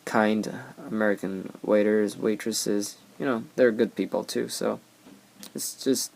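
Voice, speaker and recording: A man's voice: fairly low pitch, fairly even intonation, measured pace, gravelly, a little mellow. A young man hosting a casual podcast, telling rambling anecdotes with many fillers. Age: young adult. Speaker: podcast host.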